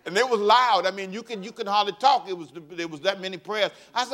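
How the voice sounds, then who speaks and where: A pastor preaches in a high voice at a quick pace, with few pauses. Animated and folksy, he leads call-and-response with the congregation and laughs at his own stories.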